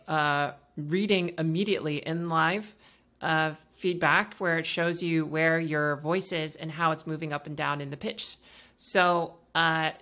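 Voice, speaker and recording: A woman hosting a podcast, explaining voice practice in a casual, instructive way with many fillers and a pitch that moves up and down. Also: a bit bright. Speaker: podcast host and voice coach.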